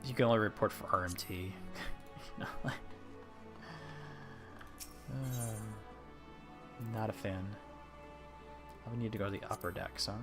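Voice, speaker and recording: A man's voice: lowish voice, measured pace, pauses often, over music. A man streaming a video game, muttering to himself as he plays. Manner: muttering to himself while playing. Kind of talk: casual gameplay commentary.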